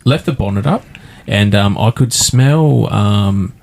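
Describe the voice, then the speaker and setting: A man's voice: fairly low pitch, slow pace, gravelly, darkish tone. A man with an Australian accent, hosting a podcast and telling a sweary, ranting story in casual chat. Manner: sweary, ranting anecdote with put-on quotes. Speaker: podcast host. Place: podcast studio.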